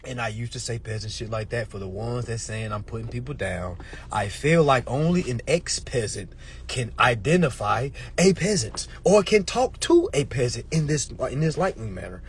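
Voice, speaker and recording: A man delivering a casual, preachy rant to his viewers, swearing freely, tagging his points with "all right?" and swinging between murmurs and shouts. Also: mid-range voice, lively intonation, moderate pace, slight background noise. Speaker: social media commentator. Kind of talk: casual ranting monologue.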